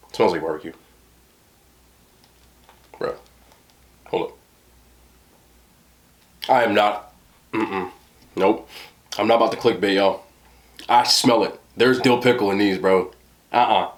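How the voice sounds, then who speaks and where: A young man chatting casually to viewers in a cooking and mukbang vlog, full of slang and asides. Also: fairly low pitch. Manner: chatty, slangy, addresses viewers as y'all and bro. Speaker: food vlogger.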